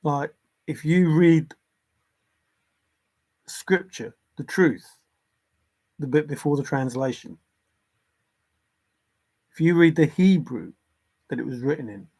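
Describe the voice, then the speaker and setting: A man's voice: on the high side, takes it slowly, long pauses, darkish tone. A man hosting a casual livestream, talking earnestly and insistently about religion and reading viewer comments aloud. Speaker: livestream host.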